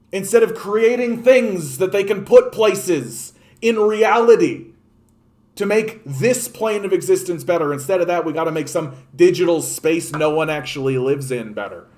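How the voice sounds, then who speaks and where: A young man from Canada ranting about politics, swearing often and swinging between loud outbursts and hushed, soothing asides. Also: a little high. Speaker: political streamer. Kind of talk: profane political rant.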